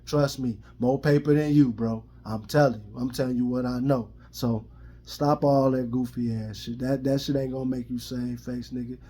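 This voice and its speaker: A man's voice: medium pitch, fairly even intonation, moderate pace, warm tone. A middle-aged man with a Chicago accent, ranting bluntly to camera in heavy street slang and profanity. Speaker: vlogger giving his opinion. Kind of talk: casual rant to camera.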